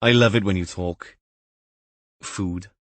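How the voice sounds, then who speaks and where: A man's voice: deep voice, takes it slowly, no echo. A man voicing an eager, jokey young detective constable. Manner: eager, upbeat, joking.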